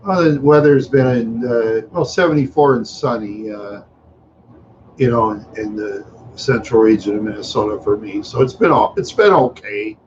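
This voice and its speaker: A man's voice: fairly low pitch, moderate pace, darkish tone, muffled recording, slight background noise. A tired, yawning man hosting a casual livestream chat, rambling along with many fillers and trailing asides. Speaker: livestream host.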